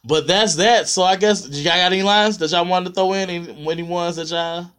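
A man hosting a podcast in a loose, joking way, full of easy slang. His voice sits a bit high for a man. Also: fairly even intonation, a little fast, a bit bright, clear, resonant tone. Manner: joking, laid-back slang. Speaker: podcast host. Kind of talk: casual chat.

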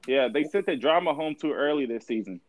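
A man's voice: fairly high pitch, expressive, fairly quick. Slangy young man chatting with friends. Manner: slangy, rambling, says bro often. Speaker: friend in group chat. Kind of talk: casual chat.

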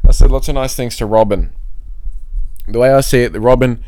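A man hosting a solo comedy podcast, rambling and self-mocking in a deadpan way. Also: mid-range voice, quick pace. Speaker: podcast host. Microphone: podcast mic.

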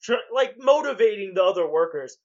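Slightly high, laid-back male game master. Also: expressive, a little fast, darkish tone, dull audio. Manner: laid-back, hesitant, many fillers. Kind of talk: narrating a tabletop game.

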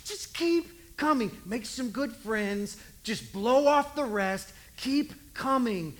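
A preacher voicing Jesus as a gentle, encouraging grown man who repeats slow, drawn-out reassurances. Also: mid-range voice, lively intonation, voice pushed up. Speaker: preacher acting out a scene.

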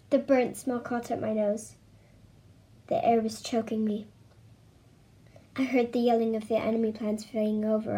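A woman reading a story aloud with expressive, emotional delivery. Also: a little high. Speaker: reader. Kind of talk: storybook narration.

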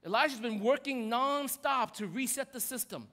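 High-pitched guy preaching, animated storyteller, big echoey hall. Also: moderate pace. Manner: animated storytelling with acted quotes. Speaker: pastor. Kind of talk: sermon. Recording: long hall reverb.

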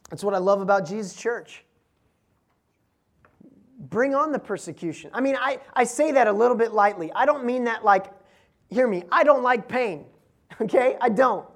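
A woman delivers a sermon with a medium-pitched voice. She drives her points home with rhetorical questions and strong emphasis. She breaks in with laughing asides to the congregation. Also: animated, a little slow, long pauses. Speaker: preacher.

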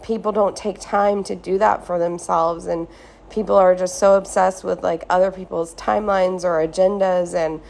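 A woman with a lowish, creaky, slightly mellow voice speaks at normal speed with fairly even intonation. She hosts a reflective solo podcast, casual and earnest with heavy use of "like", recorded on her phone in a beach resort hotel room.

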